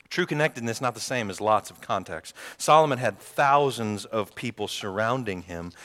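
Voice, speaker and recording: A man preaching a sermon as pastor, lively and joking with the congregation. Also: on the low side. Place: church sanctuary. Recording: long hall reverb.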